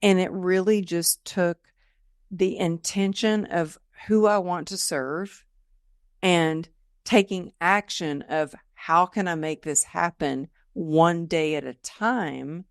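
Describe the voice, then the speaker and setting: A woman guest on a podcast, telling her story in a casual, lively way and acting out the people she quotes. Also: on the low side, slow, clean tone, dry recording, studio quality. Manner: lively storyteller who acts out quoted dialogue. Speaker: podcast guest, motivational speaker.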